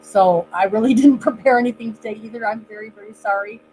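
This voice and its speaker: A woman's voice: a little high, fast talker, mellow, a little hiss or hum, poor audio. A woman co-hosting a casual live stream over a video call, chatty and a bit apologetic, with light laughs. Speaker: co-host.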